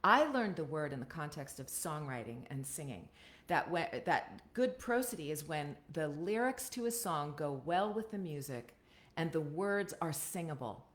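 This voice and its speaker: Woman, American accent, voiceover coach, chatty, webcam stream, lowish voice, very lively intonation. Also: normal speed. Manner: chatty, ends points with "right?". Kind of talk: live-streamed coaching talk. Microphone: computer webcam stream.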